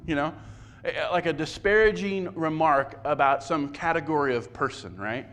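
A man's voice: fairly high pitch, animated, normal speed, a bit bright. A man preaching a sermon as pastor, conversational and self-deprecating, often stumbling and repeating words.

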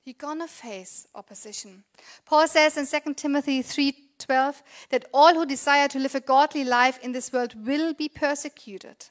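A woman's voice: high-pitched, moderate pace. A woman in her thirties preaching a sermon in a conversational, earnest way, asking the congregation rhetorical questions. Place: church.

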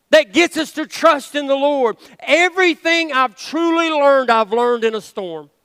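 A man's voice: very high-pitched, fairly bright tone, no room sound, long reverb tail. A male pastor preaching a sermon in a church, earnest and conversational, with playful asides. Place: church sanctuary.

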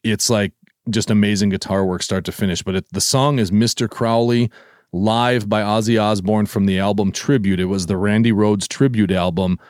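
Man, low voice, podcast co-host, casual enthusiastic rambling, dry close mic. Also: steady tone, moderate pace, a little mellow, dry recording. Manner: enthusiastic, rambling with many fillers. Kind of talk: casual chat.

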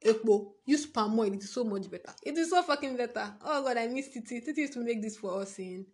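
A woman's voice: on the high side, animated, quick pace, a little mellow. A young woman from Nigeria with a Nigerian English accent, rambling in a casual vlog monologue, jumping between thoughts, laughing and swearing often. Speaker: vlogger.

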